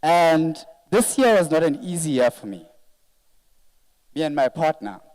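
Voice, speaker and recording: A man's voice: a little high, big pitch swings, measured pace, darkish tone, rough recording. A man, the event organizer, giving an earnest and emotional thank-you speech to an audience at a live event. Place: event venue, speaking to an audience.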